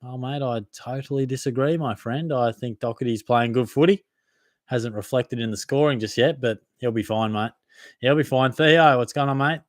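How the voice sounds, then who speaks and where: A man's voice: medium pitch, moderate pace, dry recording, clean studio sound. A young man with an Australian accent hosting a live Q&A, reading out viewer comments and answering in a casual, matey way, often laughing at himself. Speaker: fantasy football podcast host.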